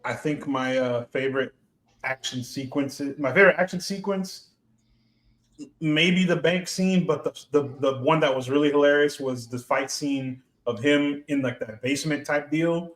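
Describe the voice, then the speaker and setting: A man's voice: fairly high pitch, normal speed. A young man co-hosting a film podcast, laid-back and profane in casual chat. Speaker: podcast co-host.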